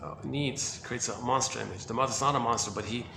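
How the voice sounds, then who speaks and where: A man's voice: medium pitch, a little fast, creaky, reverberant, background noise. A man giving an informal lecture on psychoanalysis, talking emphatically with lots of repetition and fillers.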